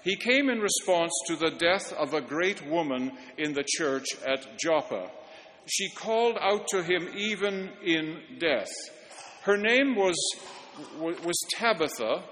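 A man's voice: a little high, a little hiss or hum. Man preaching in a reverberant church. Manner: storytelling, warmly earnest, stumbles on repeats. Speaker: pastor. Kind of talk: sermon.

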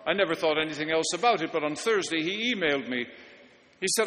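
Brief: male pastor, storytelling sermon, slightly high voice, long reverb. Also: lively intonation, quick pace. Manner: storytelling, warmly earnest, stumbles on repeats. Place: church.

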